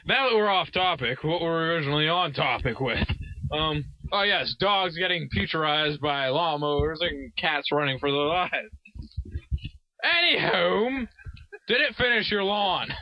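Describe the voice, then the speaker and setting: A man's voice: a little high, lively intonation, normal speed. Young man playing a mock-formal talk show host. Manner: mock-formal interviewer, addresses the guest as sir. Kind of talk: improvised comedy sketch. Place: inside a parked car. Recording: slightly dull lo-fi sound.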